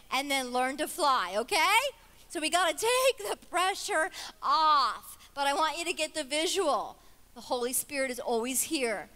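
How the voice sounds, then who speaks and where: A woman preaching at a women's conference, animated and jokey, swinging from loud to hushed. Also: very high voice. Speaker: conference speaker. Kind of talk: sermon.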